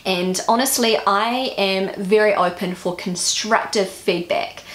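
A woman's voice: medium pitch, a little slow, a bit bright, reverberant. A woman from New Zealand with a New Zealand English accent, vlogging casually and musing self-critically as she practises pronunciation.

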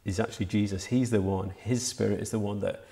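A man's voice: on the low side, fairly even intonation, brisk, vocal fry, warm tone. A man preaching a sermon for a church livestream, earnest and reflective, often restarting his sentences. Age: adult, past university age.

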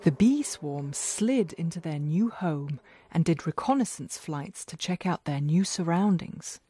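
A woman gently narrating a children's bedtime story in a slow, expressive way. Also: sits low, breathy edge, no room sound.

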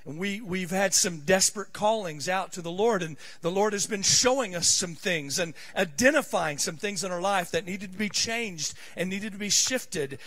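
A man's voice: high voice, moderate pace, hardly any pauses, a bit bright. A middle-aged male pastor preaching a sermon in a church, telling stories in a conversational way that rises to fervent preaching. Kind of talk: sermon with personal storytelling. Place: church sanctuary.

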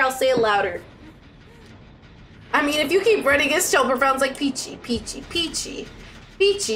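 A young adult woman streaming a game live, chatting excitably with her viewers and squealing as she plays. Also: sits high, a little hiss or hum. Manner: excitable, squealing, talks to chat. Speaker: Twitch streamer.

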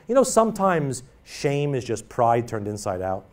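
A man's voice: mid-range voice, very animated, normal speed, darkish tone. A male pastor preaching a sermon in a church, emphatic and repetitive as he drives his points home. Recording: voice from far off the mic.

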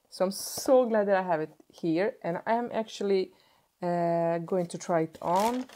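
This beauty vlogger, a young woman from Sweden, gushes in English over each makeup product she unboxes, excitable and prone to pauses and little restarts. Her tone is mellow and warm, a bit low, not bright.

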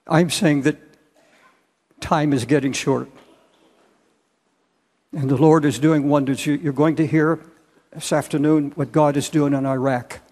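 An older man preaches in a large church auditorium, his slightly high voice carried on a long hall reverb. He speaks earnestly, stumbling and restarting at times, then pressing hard on his key words. It is a heartfelt sermon rather than a polished performance. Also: fairly even intonation. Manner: earnest, halting with restarts, rising to loud emphasis. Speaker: pastor.

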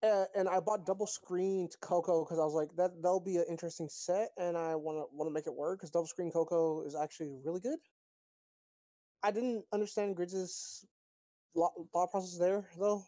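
A woman hosting a casual recap of competitive game battles, excitable, profane and teasing. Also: fairly low pitch, normal speed, no room sound. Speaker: league recap host. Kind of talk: casual gaming recap chat.

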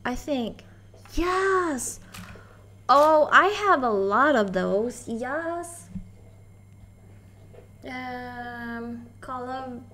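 A woman's voice: a little high, a bit bright, slight background noise. A woman streaming a horror game live, chatting with viewers, giggling and yelping when startled.

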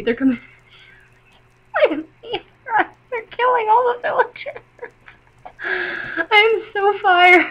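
A young woman giving excitable game commentary, laughing often and shrieking when things go wrong, with music behind her. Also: fairly high pitch, muffled recording. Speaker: gaming video host.

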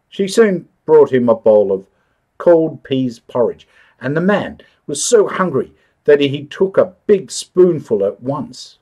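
A man reading a children's-style story aloud for English learners, expressive and clear. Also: medium pitch, a little slow. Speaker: story narrator.

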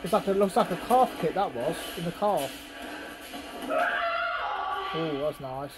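A man with a high, very lively voice talks casually over fight clips. He keeps nudging the listener to look and see, chatty and unscripted, with clear music playing behind him. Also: unhurried, rough recording. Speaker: fight commentator. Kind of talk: casual reaction commentary over video.

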